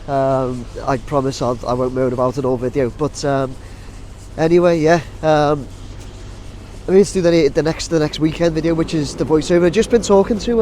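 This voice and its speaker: A drone vlogger with a slightly high, somewhat mellow voice chats casually outdoors next to a busy building site, his nose blocked from a cold. He rambles with plenty of ums and restarts in this relaxed vlog talk. Faint site and traffic noise and some wind can be heard in the background.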